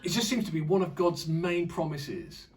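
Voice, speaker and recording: A man's voice: fairly high pitch, normal speed, a crowd in the background. Man chatting from a distant mic. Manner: chatty, rambling with fillers and restarts. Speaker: church presenter. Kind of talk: casual devotional chat.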